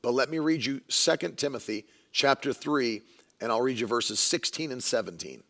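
A man's voice: mid-range voice, normal speed, fairly bright tone. A man preaching a sermon in an emphatic way, repeating lines for stress and mocking the views he argues against.

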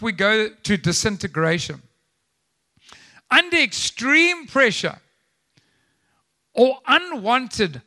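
A man preaching a live church sermon, animated and conversational, with frequent asides and rhetorical questions to the congregation. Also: on the high side. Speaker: pastor. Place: church service.

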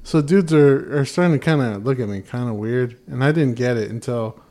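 A man co-hosting a podcast, telling an anecdote in casual chat, growing louder as he acts himself out. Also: mid-range voice, a little fast. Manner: relaxed anecdote teller, gets louder when acting himself out. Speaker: podcast co-host.

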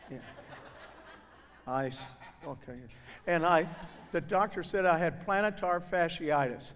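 An older man speaking to a gathering, telling humorous stories in a folksy, animated way and acting out the people in them. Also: fairly high pitch, takes it slowly, a little hiss or hum. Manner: folksy, animated, acts out voices. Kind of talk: humorous storytelling talk. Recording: long hall reverb.

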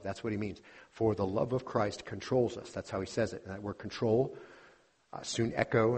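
A man with a low, husky voice delivers a sermon from the pulpit. He teaches earnestly, working through scripture verse by verse and calling his listeners beloved. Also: a little mellow. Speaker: pastor. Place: church sanctuary.

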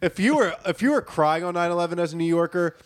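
A man in casual podcast chat, telling profane, animated stories among friends. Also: high-pitched, quick pace.

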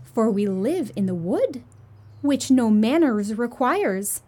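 A woman voicing three gentle, well-mannered little bear cubs from the woods in a storybook reading. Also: fairly high pitch, big pitch swings, slow, breathy edge, exaggerated voice. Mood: polite.

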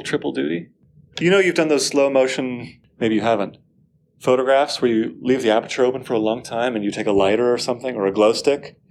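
A man leads a poetry class with enthusiasm. He keeps asking his students questions and reads lines of verse aloud slowly. His voice sits at a middling pitch. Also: a little hiss or hum. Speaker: poetry teacher. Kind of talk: classroom lecture.

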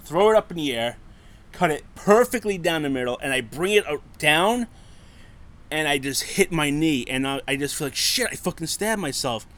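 A man in his thirties tells a story on a casual podcast. His voice sits a little high and swings widely in pitch as he laughs, swears and acts out what people said. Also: lively intonation, moderate pace, a bit bright. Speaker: podcast co-host.

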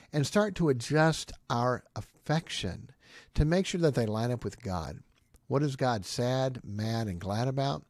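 A middle-aged man preaching a sermon, firing off rhetorical questions and quick quips, with sudden loud bursts. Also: medium pitch, no room sound, studio quality. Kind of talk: sermon-style teaching.

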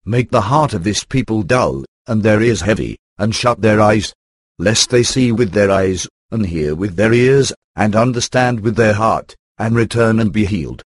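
A computer-generated male voice reading a devotional book aloud, steadily and evenly, pausing to read out verse numbers. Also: on the low side, lively intonation, dry recording. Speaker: audiobook narrator.

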